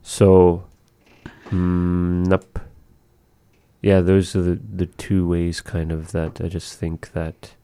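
A man's voice: low-pitched, completely flat delivery, takes it slowly, dark tone, clear, resonant tone, no echo. A man casually teaching phrases of his language to a partner, patiently repeating each word.

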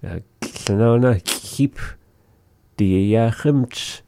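A man hosting a radio language lesson, repeating words slowly for a learner to copy. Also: lowish voice, creaky, dark tone, a little hiss or hum. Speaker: radio host teaching a language.

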